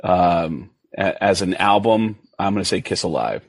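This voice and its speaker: A man, a comedian, telling stories in an animated way and jumping high when he quotes himself. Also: measured pace, slightly rough, no echo. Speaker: guest comedian. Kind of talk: casual storytelling.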